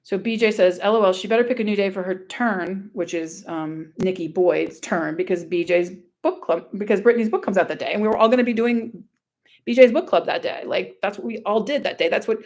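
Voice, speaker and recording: A woman's voice: mid-range voice, a little fast, a little mellow. A woman from Louisiana reading screenshots aloud in a casual vlog, blunt, sarcastic and profane. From Louisiana, USA. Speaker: online commentator.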